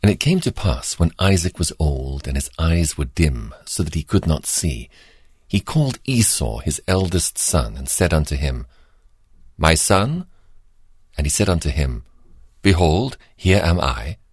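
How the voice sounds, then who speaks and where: A man reading scripture aloud in a measured, formal cadence. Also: very deep voice, expressive, darkish tone, slightly rough, no room sound, studio quality. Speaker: scripture reader.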